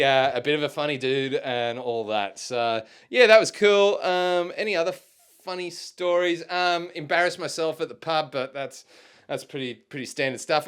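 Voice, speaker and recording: Young Australian man, solo podcast host, relaxed slangy delivery with frequent swearing, clean resonant voice. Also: mid-range voice, clear, resonant tone. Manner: laid-back, swears freely, lots of ums and slang. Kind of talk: casual rambling chat.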